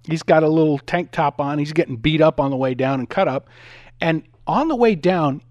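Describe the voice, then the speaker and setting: A man's voice: fairly high pitch, normal speed, no room sound, dull audio. A middle-aged man hosting a talk radio show, telling stories and acting out the voices in them. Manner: animated, acts out voices in anecdotes. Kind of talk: talk radio monologue with storytelling.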